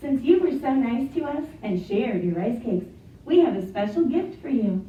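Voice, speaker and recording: A woman voicing a family of grateful mice in a slow, sing-song chanted rhyme, for a children's story. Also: fairly high pitch, lively intonation, a little hiss or hum, lightly acted. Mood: chanting. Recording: echoey, distant, dull, piano behind.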